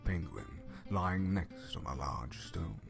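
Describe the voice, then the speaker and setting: A man voicing the calm storybook narrator of a dark penguin tale, in a hushed, whispery telling. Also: sits low, takes it slowly, vocal fry, exaggerated voice. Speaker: game narrator. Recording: game audio with loud music behind.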